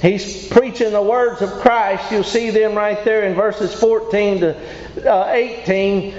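A man's voice: high-pitched, steady tone, takes it slowly, darkish tone. A man preaching a sermon to a congregation, folksy and emphatic, often asking them questions. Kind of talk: sermon with call-and-response. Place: church hall. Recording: echoey hall, dull lo-fi sound.

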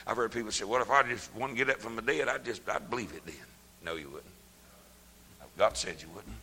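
An older man preaching a sermon, folksy and plain-spoken, his voice swelling up into shouts. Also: on the low side, a little fast, gravelly, big-room sound, a little hiss or hum.

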